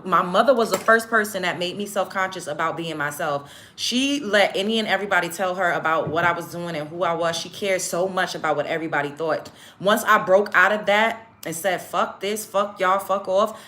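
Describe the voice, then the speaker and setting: A woman's voice: lowish voice, bright, forceful tone. A young American woman beauty vlogger talking candidly and emphatically to her viewers while she gets ready, blunt and profane. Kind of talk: casual get-ready-with-me chat. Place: home, in front of the camera.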